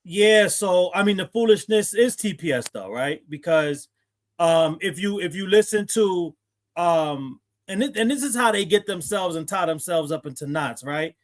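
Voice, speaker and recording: A man's voice: high-pitched, expressive, normal speed. A man joining a casual discussion, speaking hesitantly with fillers. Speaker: guest on a talk stream.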